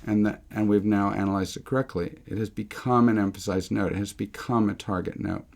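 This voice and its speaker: A man's voice: on the low side, flat delivery, a little fast, creaky, darkish tone. A middle-aged man teaching a music theory lesson, talking through examples, asking himself questions and correcting himself as he goes. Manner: thinking aloud, rhetorical questions, self-corrections.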